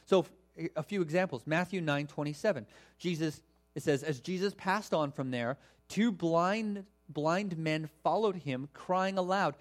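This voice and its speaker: Man, pastor, sermon, chatty animated teaching, slightly higher voice. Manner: conversational, animated teaching with asides.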